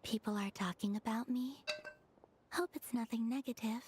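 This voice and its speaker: A woman's voice: a little high, normal speed, a little mellow, slight background noise, natural voice. A woman voicing a tiny, chirpy female fairy companion in a video game who talks about herself in the third person. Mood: cheerful. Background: game music.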